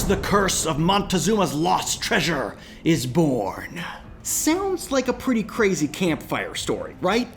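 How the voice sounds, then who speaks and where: A young man hosting and telling a campfire ghost story, dramatic, dropping to hushed whispers and jumping to excited outbursts. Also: fairly high pitch. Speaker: host and storyteller.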